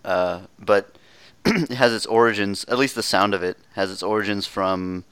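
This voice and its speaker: A man chatting casually about video games, relaxed and quick to laugh. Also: on the low side, clear, resonant tone, no echo.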